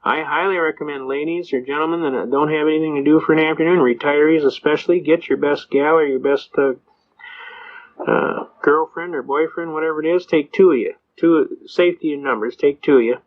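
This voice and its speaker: An older man lecturing in a rambling, folksy storytelling way, often pausing with "uh". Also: fairly high pitch, steady tone. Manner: rambling, folksy, with frequent "uh" fillers. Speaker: lecturer on citizens' rights. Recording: dull lo-fi recording.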